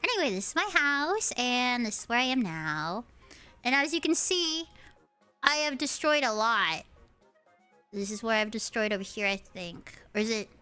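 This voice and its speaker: A woman in her early twenties with a high, cute, anime-girl-like voice, chatting and ranting with lots of swearing while streaming a game. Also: normal speed, clear, resonant tone, soft background music. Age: early 20s. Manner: animated ranting with frequent swearing. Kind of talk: casual gaming stream chatter.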